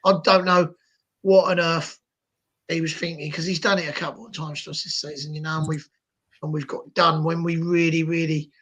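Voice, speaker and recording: High, husky man, animated. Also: normal speed. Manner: animated, indignant. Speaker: podcast guest. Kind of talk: casual football podcast chat.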